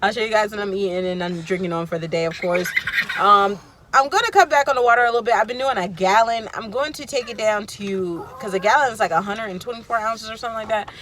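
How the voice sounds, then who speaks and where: A woman's voice: medium pitch, fast, noisy background. A woman vlogging casually to her viewers, talking candidly in a rambling way and correcting herself as she goes. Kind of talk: casual vlog chat to camera.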